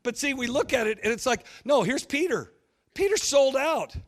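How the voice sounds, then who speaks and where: Male pastor, high pitched, blunt and folksy, jokey storytelling sermon that acts out other people's voices. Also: expressive, moderate pace. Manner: humorous storytelling, acting out quoted voices.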